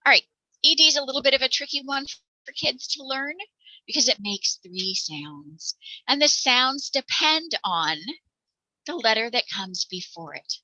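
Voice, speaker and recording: A woman presenting a phonics lesson for parents, encouraging and demonstrating each sound out loud. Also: high voice, big pitch swings, normal speed, no room sound, poor audio. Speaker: teacher presenting a parent workshop.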